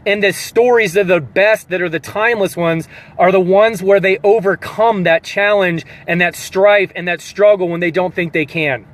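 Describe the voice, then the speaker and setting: An earnest man in a motivational pep talk, his voice sitting fairly high for a man. He speaks like a fitness coach and drives his points home by repeating them. He sounds emotional, close to tears. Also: moderate pace, hardly any pauses. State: holding back tears.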